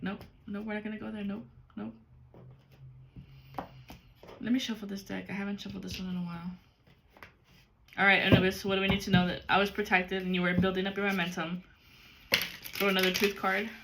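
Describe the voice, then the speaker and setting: Talking directly to the viewer, a tarot card reader offers a blunt, profane, casual spiritual reading. She has a mid-range voice with little pitch movement, speaks a little fast with frequent pauses, and the background is noisy.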